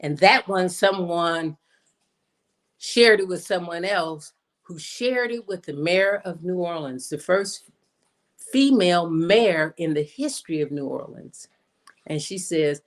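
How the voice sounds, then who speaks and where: Woman preaching through a personal story. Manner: storytelling, acts out quoted voices with big pitch jumps; slows down for emphasis. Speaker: guest minister. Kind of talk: inspirational sermon told as a personal story. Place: streamed in from home or studio.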